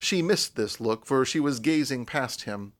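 A mid-range male voice narrates an audiobook from a script, keeping the storytelling measured and even.

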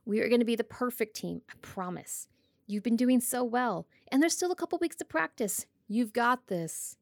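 A woman doing a smooth, flirty male barista. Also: fairly high pitch, expressive, moderate pace, dry recording, clean studio sound. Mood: coaxing. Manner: smooth and coaxing.

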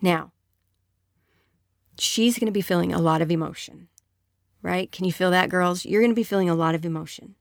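A woman's voice: on the low side, moderate pace, vocal fry, pauses often, no echo, studio quality. A woman speaking earnestly and conversationally, giving relationship advice to other women.

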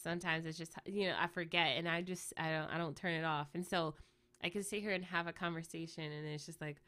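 A woman's voice: sits low, steady tone, quick pace, bright, forceful tone. A woman hosting a podcast in casual, rambling reflective chat, fighting off a cough and often checking in with "right?". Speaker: podcast host.

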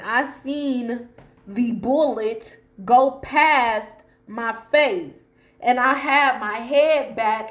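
A woman from Long Beach, California, telling a personal story to camera in an emphatic, profane way, addressing her listeners directly. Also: fairly high pitch. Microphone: camera mic while filming herself.

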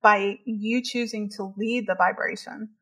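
A woman talks in a relaxed, conversational way and laughs easily between her thoughts. She fills her sentences with "like" and "you know," and her voice sits at a middle pitch. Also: unhurried, slightly rough. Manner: chatty, laughs often, many fillers. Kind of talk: casual chat.

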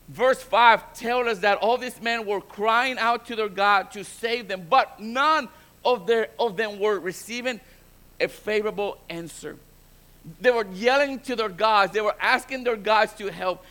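A pastor with a high-pitched, sharp voice preaches a bilingual sermon at a moderate pace, switching between languages. He often repeats and restarts words as he builds toward emphatic exhortation.

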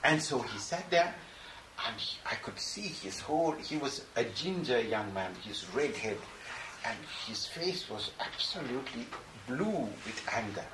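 A man, a spiritual teacher, answers a question by telling a story to a gathering, acting out the quoted voices with animation. His medium-pitched voice moves unhurriedly, and the recording is echoey and noisy, with a distant mic.

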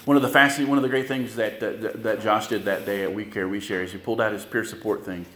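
A man's voice: lowish voice, fairly even intonation, quick pace, fairly bright tone, reverberant. A man preaching a sermon as pastor, telling stories in a loose, conversational way with asides to the congregation.

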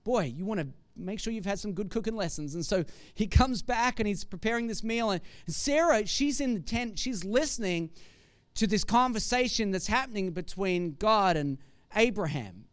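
A man's voice: high voice, expressive, normal speed, smooth, dry recording. A man preaching a sermon with conversational, jokey storytelling.

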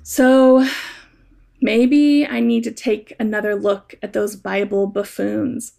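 A woman giving a gentle, thoughtful, conversational reflection on scripture, like a spoken essay. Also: mid-range voice, creaky.

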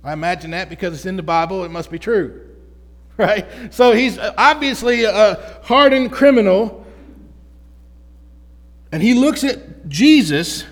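A man preaches with a high, bright-sitting voice, talking to his congregation in a casual, energetic way and often restarting his sentences. His voice rings out with a long reverb, as in a large church hall. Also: measured pace, long pauses. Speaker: pastor. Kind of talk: sermon.

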